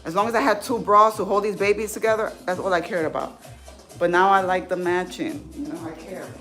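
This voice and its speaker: A woman's voice: fairly low pitch, steady tone, a little fast, a bit bright. A woman in her thirties speaking candidly and from the heart in a casual livestream, as a fitness vlogger. Faint music plays behind her. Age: 30s.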